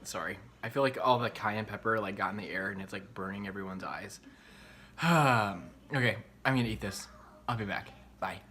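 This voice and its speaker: A young man with a lowish voice cooks in his home kitchen and rambles at a moderate pace for his casual vlog. He's excitable, curses frequently, and says "like" a lot; the recording is rough, with some hiss or hum and a frying sizzle behind him.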